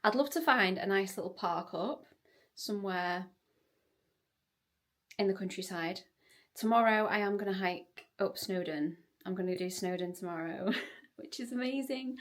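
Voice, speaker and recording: A woman's voice: medium pitch, moderate pace, no room sound, clean studio sound. A woman chatting casually to camera from inside her car, thinking aloud and laughing often. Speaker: vlogger. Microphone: handheld camera.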